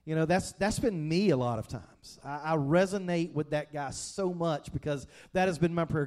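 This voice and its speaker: A man's voice: fairly high pitch, normal speed, few pauses, a little mellow. Earnest, conversational male pastor preaching. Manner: earnest, conversational, repeats and restarts words. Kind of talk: sermon.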